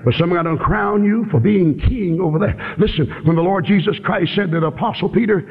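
A man's voice: high-pitched, fast, husky. A man preaching a fiery sermon, pleading and crying out as he presses his point. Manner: impassioned, preaching with rising pleading cries. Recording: tinny phone-like old recording in a reverberant hall.

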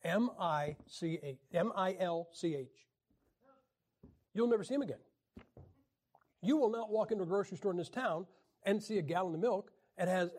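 A man teaching a class on the Bible in a wry, joking lecture style, often clearing his throat. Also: high-pitched, darkish tone.

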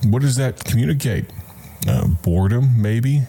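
A man's voice: medium pitch, lively intonation, moderate pace, warm tone, husky. A man hosting a radio Bible program, preaching in an earnest, conversational way and speaking directly to the listener. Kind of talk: radio sermon.

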